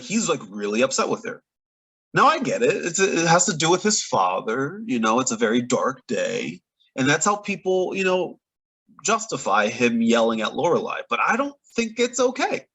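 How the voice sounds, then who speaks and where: A man giving a casual, opinionated TV episode recap, animated and often laughing between points. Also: mid-range voice, moderate pace, slightly rough, low-quality recording. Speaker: TV recap reviewer. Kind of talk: casual reaction review.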